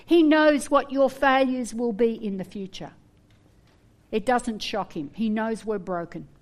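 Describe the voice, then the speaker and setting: A woman preaching a sermon, earnest and animated, with humorous asides. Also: fairly high pitch, unhurried.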